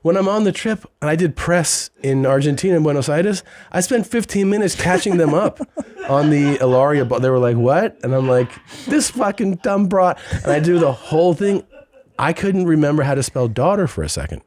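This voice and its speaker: A man's voice: a little high, animated, fairly quick, a little mellow. A man hosting a podcast, telling a long story in casual chat and slipping into mocking voices. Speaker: podcast host.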